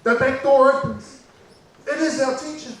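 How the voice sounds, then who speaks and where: A man with a New Zealand accent telling a childhood story in an animated way, repeating lines for effect. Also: extremely high pitch, normal speed, heavy reverb, recorded from a distance, rough recording.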